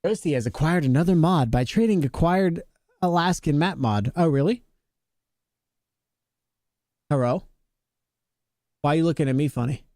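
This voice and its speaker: A man's voice: fairly high pitch, normal speed, long pauses, darkish tone, no echo, clean studio sound. A male streamer chatting casually with viewers, joking around, laughing often and greeting chatters by name.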